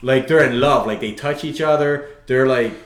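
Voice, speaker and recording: A man's voice: medium pitch, moderate pace, reverberant. Man debating on a podcast. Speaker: podcast co-host. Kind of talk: casual chat.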